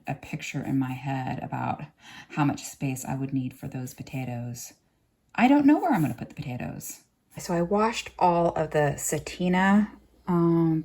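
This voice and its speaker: Woman vlogger, casual and chatty, slightly low voice, recorded in a roomy space away from the mic. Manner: chatty, thinks aloud, often laughs, talks while eating. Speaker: market gardener vlogger. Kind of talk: casual home vlog. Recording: roomy sound, mic at a distance.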